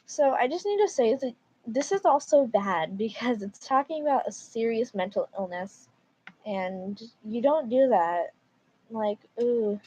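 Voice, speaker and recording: A woman's voice: a little high, animated, measured pace, dark tone, breathy edge. A woman streamer reading stories aloud and reacting casually, with emphatic remarks. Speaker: livestreamer. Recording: dull lo-fi mic.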